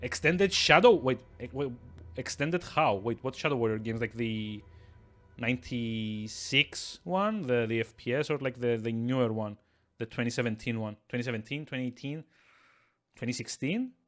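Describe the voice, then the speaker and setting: A man's voice: mid-range voice, expressive, moderate pace, a bit bright, soft background music. Rambling, chuckling male game streamer. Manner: rambling, stammering restarts, chuckles often. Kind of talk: casual live-stream chat with viewers. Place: at his desk with two screens.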